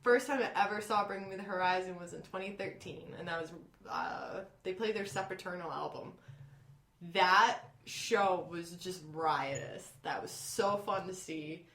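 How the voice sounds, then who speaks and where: Bright-voiced young woman, echoey room. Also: on the low side, unhurried. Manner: chatty and animated storyteller. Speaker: podcast co-host. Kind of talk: casual chat. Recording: roomy echo.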